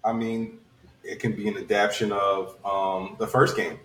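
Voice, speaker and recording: A man's voice: fairly low pitch, level tone, moderate pace, fairly bright tone, distant mic. A young man co-hosting a podcast, arguing his points in casual banter with an exasperated edge. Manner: argumentative, exasperated. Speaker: podcast co-host. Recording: echoey, a bit off-mic.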